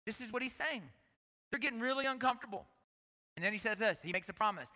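A man preaching an energetic sermon at a conference, emphatic and repeating phrases as he speaks straight to the audience. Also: very high voice, fast. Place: large conference hall. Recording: long hall reverb.

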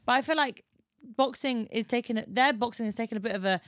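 A woman's voice: fairly high pitch, fast, no echo, studio quality. Chatty woman sharing opinions. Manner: chatty, opinionated, laughs often. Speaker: podcast co-host. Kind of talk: casual podcast chat.

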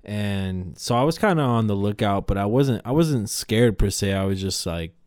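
Young dude, kinda low voice, cursing casually, dry close mic. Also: male voice, no echo. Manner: relaxed, profane, drawn-out storytelling. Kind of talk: casual chat.

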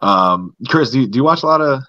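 A man's voice: medium pitch, lively intonation, a little fast, bright, forceful tone, no echo, lo-fi sound. A man hosting a casual podcast chat, rambling and repeating his words as he talks. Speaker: podcast host.

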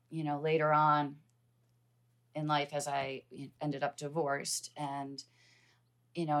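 A woman in her fifties telling a personal story in conversation, earnest and halting, with frequent restarts. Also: low voice, gravelly. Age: 50s. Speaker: guest.

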